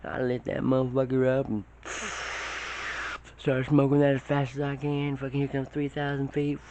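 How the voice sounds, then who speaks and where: A man telling a rambling, profane tall tale in a casual way, his voice shooting up high when the story gets excited. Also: normal speed, a little hiss or hum. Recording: dull lo-fi recording.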